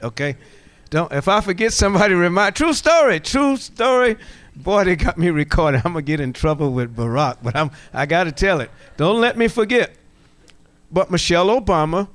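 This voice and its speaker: A middle-aged man from coastal Georgia with a Gullah Geechee Southern accent, telling folksy, animated stories in a workshop talk to a live audience. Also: fairly high pitch, clean tone, no echo. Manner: animated storyteller, folksy, jokes with the room. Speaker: workshop presenter. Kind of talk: storytelling lecture to a live audience.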